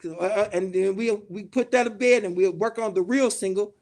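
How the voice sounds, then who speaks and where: A middle-aged man from Chicago, a guest in a podcast studio, telling a story in a loose, animated way and swearing freely. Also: sits high, moderate pace. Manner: animated, acts out quoted dialogue, swears freely. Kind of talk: casual storytelling in a podcast interview.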